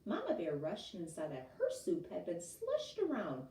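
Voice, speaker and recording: Expressive woman reading a storybook aloud. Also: lowish voice, moderate pace. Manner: expressive, chatty asides to listeners. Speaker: teacher reading to a class. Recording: roomy, mic at a distance.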